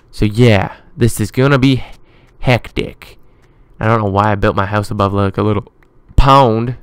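A man's voice: fairly low pitch, normal speed, smooth, dry recording. A man giving rambling let's play commentary, muttering to himself as he plays. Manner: chatty, rambling running commentary; muttering to himself while building. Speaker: gaming YouTuber.

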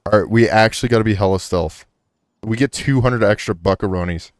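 A man casually chatting and swearing excitedly while playing a co-op video game. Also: on the low side, fairly quick, no room sound, studio quality. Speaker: gameplay streamer. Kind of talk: casual co-op gameplay chat.

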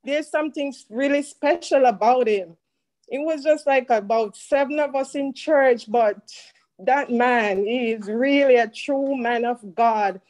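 Woman, fairly high voice, halting and heartfelt, church tribute. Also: darkish tone, poor audio. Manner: halting, heartfelt, with many restarts. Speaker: church member giving a tribute. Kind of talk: emotional spoken remembrance.

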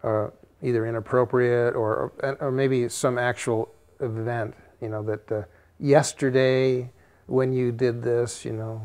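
A man recalls how the school worked in a documentary interview. He speaks slowly and hesitantly, pausing and restarting his thoughts. His voice sits in a middle register. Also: mid-range voice, little pitch movement, a little mellow, smooth.

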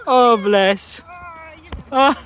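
Drawing out her words in a fairly bright tone, a dog walker from Glasgow, Scotland narrates her casual vlog outdoors in the fields in a Glaswegian accent. Every so often she breaks into high, sing-song baby talk with the dogs.

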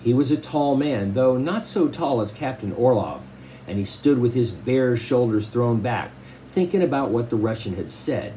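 Mellow man reading a novel aloud. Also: medium pitch, moderate pace, a little hiss or hum, rough recording. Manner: relaxed, stops to explain in plain asides. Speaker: reader explaining a novel. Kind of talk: reading aloud with casual explanations.

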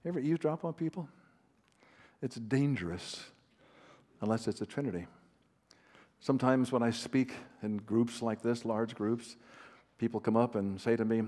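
In front of a large live audience, a Christian author and counselor delivers a teaching talk full of anecdotes and self-deprecating humor. His warm, mid-range voice moves at a moderate pace with frequent pauses, and his conversational style includes fillers and restarts.

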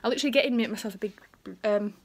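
A woman's voice: mid-range voice, very fast. A young woman chatting in a casual home vlog, bubbly and rambling as she gushes over things. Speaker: vlogger. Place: family home, indoors.

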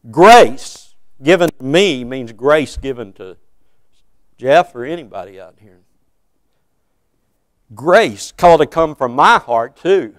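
A man's voice: on the high side, lively intonation, normal speed, pauses often, dry recording. A man in his sixties preaching a sermon in a church, earnest and putting questions to his congregation. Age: 60s.

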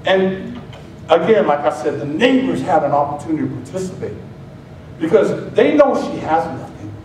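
High-voiced pastor in an echoing church. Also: male voice, very animated, moderate pace, darkish tone. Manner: conversational and joking, acts out scenes. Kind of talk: sermon. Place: church sanctuary. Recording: very echoey hall, mic far off, faint hiss.

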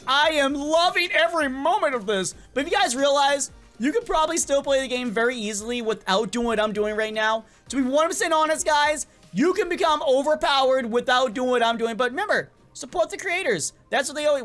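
A man giving casual, excitable gameplay commentary as a gaming channel host, often stumbling and repeating words. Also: very high-pitched. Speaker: gaming YouTuber.

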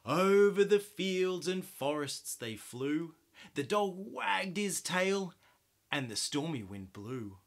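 An Australian man reads a rhyming children's picture book aloud. His voice sits fairly high and moves through a wide, sing-song melody, and he takes the rhymes slowly and expressively. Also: very animated, a bit bright. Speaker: storyteller.

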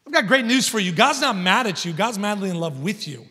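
A man in his thirties preaching a sermon as a guest speaker, telling a family story and building to loud, emphatic points. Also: high-pitched, very animated, fairly quick. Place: large church hall. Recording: long church hall reverb.

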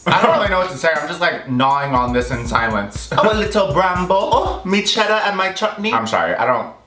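A man's voice: medium pitch, sing-song, a little fast, pushed and bright. A man hosting a food vlog from his kitchen, playful and chatty, laughing often as he eats. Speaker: food vlogger. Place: home kitchen. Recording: echoey kitchen with music under.

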